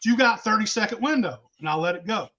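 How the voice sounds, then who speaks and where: A rowdy man tells a wild tale, cursing in nearly every sentence and laughing as he goes. His voice sits high and rings bright. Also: expressive, fast. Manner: rowdy, swears constantly, laughs mid-story. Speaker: podcast host telling stories. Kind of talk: casual profane storytelling.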